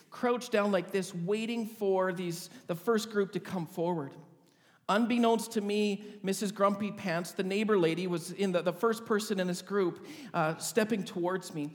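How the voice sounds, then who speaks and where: A man's voice: high-pitched, long reverb tail. A man, a pastor, telling a humorous story in a vivid storytelling sermon.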